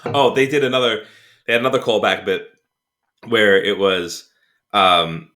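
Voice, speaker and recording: A man's voice: on the low side, a little slow, sharp tone. A man co-hosting a podcast in casual chat, rambling with many fillers and restarts and laughing as he retells film scenes. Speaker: podcast co-host.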